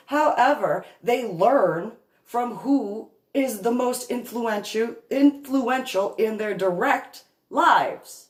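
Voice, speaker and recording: A woman speaking in an unscripted monologue about her own experiences as a parent, slow and emphatic with deliberate pauses. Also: medium pitch, lively intonation, echoey room. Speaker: parent telling her story.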